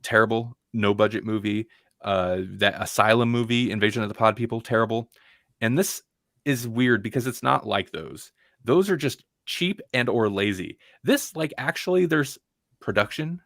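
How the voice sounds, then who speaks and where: A man co-hosts a podcast, reviewing a film in loose, rambling chat, restarting often and putting on dull voices to mock the actors. His voice is medium-pitched and fairly bright, at a moderate pace, in a dry, studio-quality recording.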